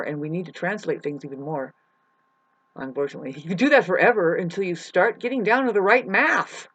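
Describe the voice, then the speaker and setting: A spiritual vlogger talks straight to camera in a rambling monologue, often stopping and restarting. The voice sits at a middling pitch and breaks into loud, mocking bursts with casual swearing. The home-video sound is dull and lo-fi. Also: slightly rough, no room sound.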